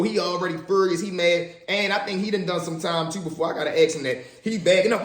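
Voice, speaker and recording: A man telling stories from his own life in a casual, animated way, acting out the voices of the people in them. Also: sits high, fast talker, reverberant. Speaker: storyteller. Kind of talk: casual spoken storytelling.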